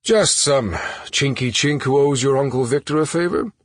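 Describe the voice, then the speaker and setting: A man's voice: medium pitch, normal speed, dry recording, clean studio sound, voice pushed up, close to an everyday voice. Audiobook figure: a man doing a self-satisfied older power broker, smug and pleased with himself.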